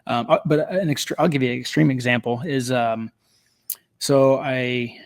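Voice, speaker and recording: A middle-aged man, guest on a podcast, recounting a story in relaxed conversation. His pitch sits in an ordinary middle range. He talks in an animated, chatty way, breaking into laughter and peppering his sentences with fillers. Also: moderate pace. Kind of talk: casual storytelling.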